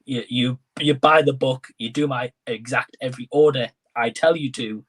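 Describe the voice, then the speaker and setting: A man's voice: medium pitch, steady tone, normal speed, husky. A young man in casual film discussion, talking through his thoughts with hesitant fillers. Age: young adult. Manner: hesitant, thinks aloud with fillers. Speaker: co-reviewer.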